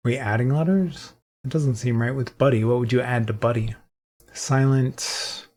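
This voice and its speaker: A man's voice: medium pitch, moderate pace, darkish tone. A young adult man solving a daily word puzzle alone, thinking aloud and questioning himself as he goes. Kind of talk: casual solo gameplay commentary.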